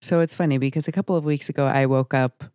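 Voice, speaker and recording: A woman hosting a casual chat, telling a rambling story in a relaxed, talkative way. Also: sits low, fast talker, smooth, no echo, studio quality.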